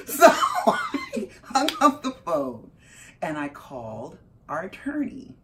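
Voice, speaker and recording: Animated middle-aged woman telling a story. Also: slow, a little hiss or hum. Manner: animated, acts out her own reactions with big jumps in pitch. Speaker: interview guest, mother of a parolee. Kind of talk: emotional storytelling interview.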